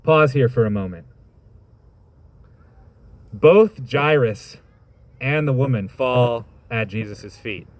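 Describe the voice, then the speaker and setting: A man's voice: mid-range voice, lively intonation, takes it slowly, pauses often, no room sound. A man preaching a sermon, reading scripture and reflecting on it in a thoughtful, conversational way with informal asides.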